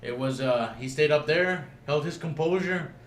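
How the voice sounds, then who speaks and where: A man's voice: on the high side, normal speed, reverberant, slight background noise. A man chatting casually on a podcast, telling a story with animation, acting out what others said and switching between Spanish and English mid-sentence. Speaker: podcast host. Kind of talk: casual chat.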